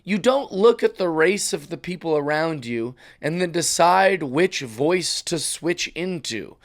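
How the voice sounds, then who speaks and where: A man's voice: a little high, animated, measured pace. A middle-aged man hosting his own comedy podcast, ranting in a casual monologue and slipping into mocking voice impressions.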